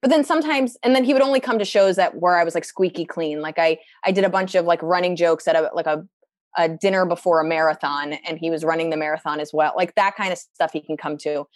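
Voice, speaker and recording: A woman's voice: on the low side, quick pace, dry recording, clean studio sound. A young woman comedian telling stories about her family in a casual chat, full of fillers and quoted asides. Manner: chatty, lots of fillers, animated quoted asides. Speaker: stand-up comedian, guest. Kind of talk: casual conversational storytelling.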